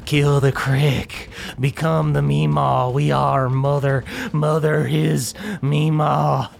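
A man's voice: fairly high pitch, level tone, slow pace, gravelly, exaggerated voice. A man voicing a crude fungal monster that imitates a woman, chanting in an eerie collective voice. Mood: menacing.

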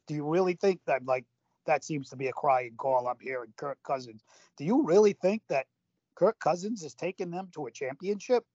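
A man with a slightly higher voice talks sports in a relaxed, casual way, pressing his case with rhetorical questions and repeated phrases. The sound is dry and a bit dull, like lo-fi podcast audio. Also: moderate pace, no echo. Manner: emphatic, piles up rhetorical questions. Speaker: podcast co-host.

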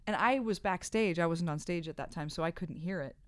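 Middle-aged woman, stage actress, podcast guest, animated storyteller, self-deprecating, dry close sound. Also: on the low side, fairly quick, no echo. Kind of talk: conversational interview.

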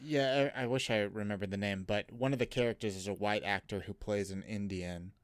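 Low, smooth-voiced man searching for words. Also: steady tone, brisk, no echo. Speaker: podcast co-host. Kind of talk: casual podcast chat about films.

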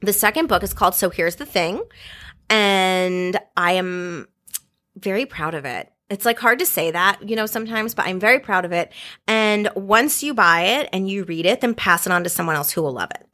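Chatty woman telling a lively story. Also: medium pitch. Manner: chatty, animated, quick asides with "like". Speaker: podcast guest, former White House staffer. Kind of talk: casual storytelling chat.

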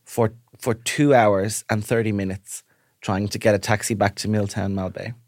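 A man's voice: on the low side, normal speed, no echo, studio quality. A man co-hosting a podcast, telling a story with lots of acted-out voices in casual chat. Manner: animated storyteller, acts out voices. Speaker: podcast co-host.

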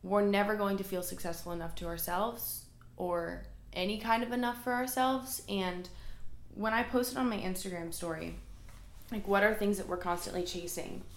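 A woman's voice: mid-range voice, steady tone, normal speed. A woman hosting a solo podcast, talking candidly and emotionally about self-doubt in a casual way full of fillers, recorded in a room at home. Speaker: podcast host. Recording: roomy echo.

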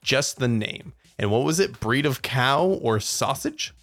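A man's voice: mid-range voice, lively intonation, measured pace, a bit bright, faint music behind. A man co-hosting a casual podcast, playfully thinking aloud and laughing as he guesses. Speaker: podcast co-host. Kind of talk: casual quiz chat.

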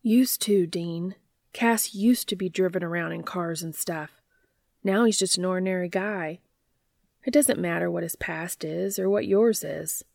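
A woman voicing a reasonable young man, a younger brother studying law, who argues calmly and persuasively in a storybook reading. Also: on the low side, a little slow, gravelly, no echo. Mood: reassuring. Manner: calm, persuasive.

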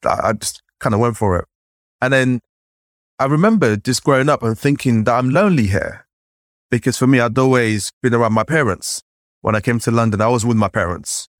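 A man from Nigeria tells his story as a podcast guest, animated and full of "like". His pitch jumps around as he acts out remembered voices. The sound is dry and close, with no room around it. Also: brisk, dry recording. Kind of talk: storytelling in conversation.

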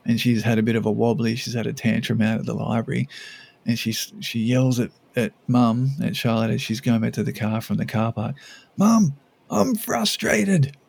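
Gravelly, mellow-voiced man chatting. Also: medium pitch, little pitch movement, fairly quick. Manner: rambling, many restarts and "like"s. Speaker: podcast co-host. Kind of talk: casual parenting podcast chat.

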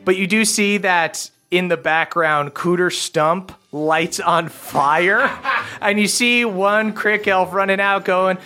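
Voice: medium pitch, slow, bright, forceful tone, faint music behind. A game master narrating a comedic tabletop game in a loose, joking way, full of fillers.

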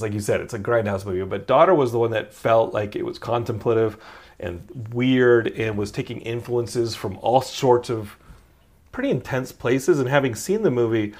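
A man hosting a relaxed interview show with a middle-range voice for a man. He talks with eager enthusiasm, often restarting his sentences as he rambles along. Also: mid-range voice. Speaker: podcast host. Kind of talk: casual interview chat.

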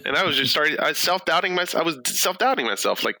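Gravelly, bright-voiced man telling a story. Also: fairly high pitch, fast, few pauses, no echo, low-quality recording. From France. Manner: animated, retells dialogue with many fillers. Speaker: guest. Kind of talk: storytelling interview talk.

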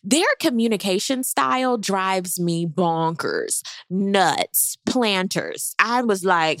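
A pregnant woman giving a blunt, sassy recap in casual chat, jumping into high mock voices. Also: sing-song, a little slow, few pauses, a bit bright, no room sound, studio quality. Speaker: reality TV recap host.

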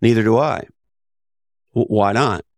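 A man's voice: on the low side, unhurried, no room sound. A man talking as a podcast guest, blunt and emphatic, with rhetorical questions and casual swearing. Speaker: podcast guest, author and business advisor. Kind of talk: conversational interview.

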